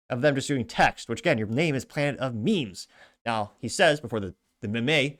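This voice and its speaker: A man hosting a political commentary show, casually reading out viewer comments with blunt, sarcastic asides. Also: medium pitch.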